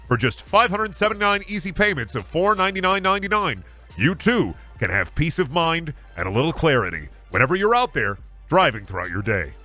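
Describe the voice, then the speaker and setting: A man putting on a smooth, slick car-warranty telemarketer with a sales patter. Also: on the high side, very animated, brisk, pushed and bright, soft background music, voice pushed up.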